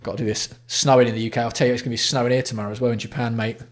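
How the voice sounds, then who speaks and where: A man's voice: mid-range voice, level tone, very fast. A man from England hosting a casual livestream, greeting viewers by name with blunt, sweary banter. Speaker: livestream host.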